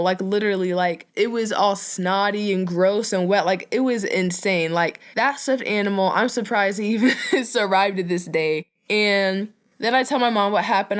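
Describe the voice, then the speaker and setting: Chatty young woman telling a story. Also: medium pitch. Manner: chatty, animated, laughs while telling.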